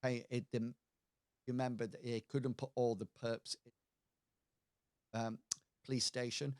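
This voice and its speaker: Slow, hesitant male game master. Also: mid-range voice, level tone, darkish tone, clean tone, dry recording, studio quality. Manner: hesitant, many fillers and restarts. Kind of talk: narrating a tabletop game.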